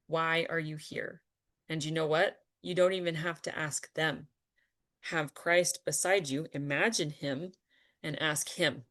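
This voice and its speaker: A low-voiced woman, a spiritual teacher, guides a spiritual conversation with earnest energy. She laughs a lot and often trails off into filler words.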